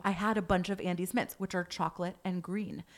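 Animated woman telling a story. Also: fairly low pitch, fairly quick, crowd noise. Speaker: hair salon owner. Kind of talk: casual podcast chat.

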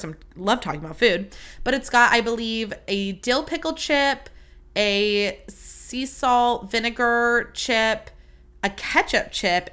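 A woman's voice: medium pitch, sharp tone, clear, resonant tone. A young woman hosting her own podcast, chatting casually in a bubbly, gushing way and swearing freely. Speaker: podcast host. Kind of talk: casual solo podcast chat.

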